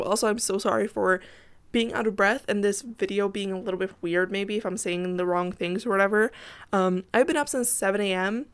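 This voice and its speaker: A woman's voice: mid-range voice, fairly quick. A tired woman rambling in casual voice-over chat over a game build, apologetic and giggling often, talking from her PC at home. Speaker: Sims builder and YouTuber.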